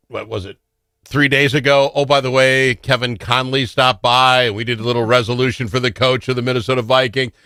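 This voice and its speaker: A man's voice: medium pitch, pushed and bright, dry recording, clean studio sound. A man hosting a radio talk show in a teasing, opinionated, casual way.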